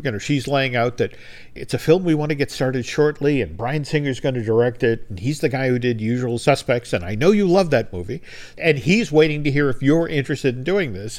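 Man retelling a story on a podcast. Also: medium pitch. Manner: retells anecdotes, briefly acting out quoted lines. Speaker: podcast co-host. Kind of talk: casual storytelling chat.

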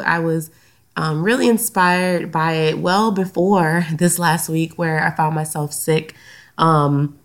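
A woman with a Southern US accent hosting her own podcast in casual chat, slightly stuffy from a recent sinus infection, with frequent "um"s. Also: sits low. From Louisiana, US. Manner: chatty, many "um" fillers. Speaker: podcast host and counselor. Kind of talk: casual solo podcast talk.

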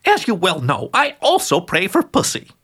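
A man's voice: high-pitched, huge pitch swings, normal speed, fairly bright tone, breathy edge, pitched above the performer's own voice, full character voice. A man voicing a fussy, motherly old witch woman who calls everyone dearie in a sing-song way. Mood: doting.

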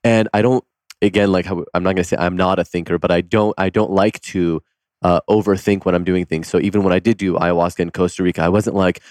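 A man's voice: low-pitched, fairly even intonation, quick pace, a little mellow, no room sound. A man hosting a casual conversation, telling personal stories openly and laughing often. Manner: open, laughs often, storytelling. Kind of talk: casual chat.

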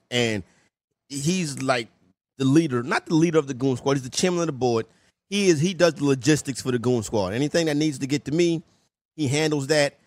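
A man's voice: medium pitch, no room sound, clean studio sound. A man hosting a sports radio show, loose and joking, chatting with callers and co-hosts. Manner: loose, joking, talks while eating. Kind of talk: casual sports radio banter.

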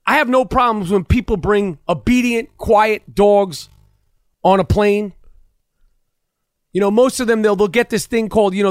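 A man's voice: high voice, moderate pace, dry recording. A man hosting a talk show, ranting heatedly and profanely with incredulous outrage. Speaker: host. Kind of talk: profane comedic rant.

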